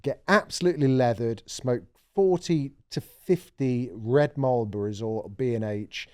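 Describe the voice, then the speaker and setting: A man co-hosting a podcast in casual, sweary chat with quick restarts. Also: medium pitch, warm tone, clear, resonant tone. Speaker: podcast co-host.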